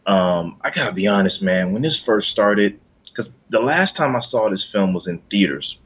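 Deep-voiced man on a phone-like line. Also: animated, normal speed, breathy edge. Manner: rambling, many fillers and restarts. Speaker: podcast co-host. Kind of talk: casual chat. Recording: phone-like narrow sound.

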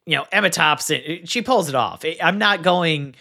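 Male podcast co-host, higher pitch and bright tone, animated film critic. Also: moderate pace, vocal fry. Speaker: film reviewer. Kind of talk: casual podcast discussion.

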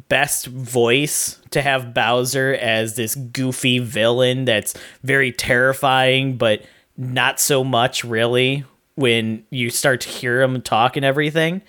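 A man co-hosting a podcast, giving a steady, explanatory movie review in casual chat. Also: mid-range voice, slow. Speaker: podcast co-host.

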